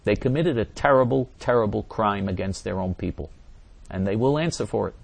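A man's voice: lowish voice, brisk, gravelly, slightly rough. A man hosting a show where he reads forum questions and answers them at length, repeating and restarting words, with heated, emphatic remarks. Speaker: host answering viewer questions.

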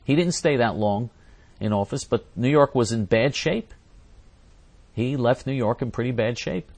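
A man's voice: mid-range voice, normal speed, a little mellow. A man hosting a talk show, reading out listener questions and ranting indignantly, repeating himself and restarting his sentences. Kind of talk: angry ranting monologue.

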